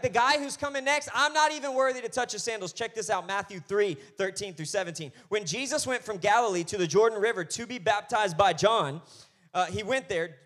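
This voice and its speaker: A man preaching a sermon as pastor, swinging between quiet asides and loud, emphatic lines. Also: high voice.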